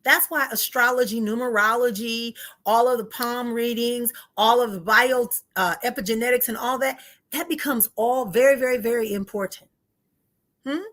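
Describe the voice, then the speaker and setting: Emphatic woman teaching spirituality, higher voice. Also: moderate pace, fairly bright tone. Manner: emphatic, repeats key phrases; addresses listeners directly and informally. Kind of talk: live-streamed spiritual teaching.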